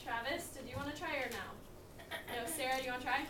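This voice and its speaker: A woman's voice: high-pitched, fast talker. A young woman teaching a class of small children, asking them questions patiently and coaxing answers. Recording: echoey classroom, mic far off, room noise.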